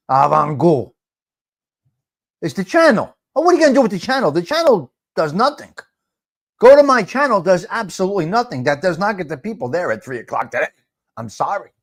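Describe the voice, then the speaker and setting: A middle-aged man hosting a casual live chat, teasing viewers, repeating himself and dropping Italian phrases. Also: fairly high pitch. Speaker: livestream host.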